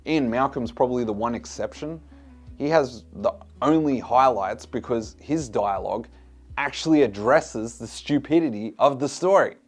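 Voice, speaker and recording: A man of middle pitch talks through a film review in a casual, blunt way. He sounds exasperated and swears often. Soft music plays faintly underneath. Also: normal speed.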